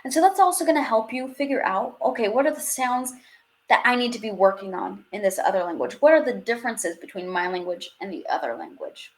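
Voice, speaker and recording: A woman's voice: on the high side, lively intonation, a little fast. A young woman teaching a live online language class, chatty, laughing often and dropping French phrases into her English. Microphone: webcam or headset on video stream.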